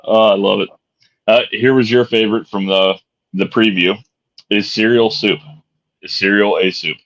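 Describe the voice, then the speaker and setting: A man's voice: lowish voice, fairly even intonation, moderate pace, fairly bright tone, no room sound. A man co-hosting a podcast in casual chat, laid-back, swearing and joking as he asks questions. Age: adult. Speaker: podcast co-host asking questions. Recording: dull dry lo-fi sound.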